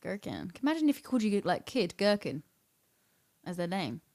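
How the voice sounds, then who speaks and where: A woman's voice: mid-range voice, big pitch swings, brisk, creaky, warm tone. A young English woman hosting a podcast, chatting casually, giggly and self-deprecating. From England. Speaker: podcast host and radio presenter. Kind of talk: casual chat.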